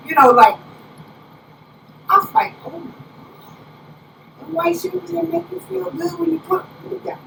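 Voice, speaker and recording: High-voiced woman preaching from afar. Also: moderate pace, long pauses. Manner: animated storytelling, preacherly exclamations. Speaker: apostle preaching. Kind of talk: conversational sermon. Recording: roomy, distant, faint background hiss.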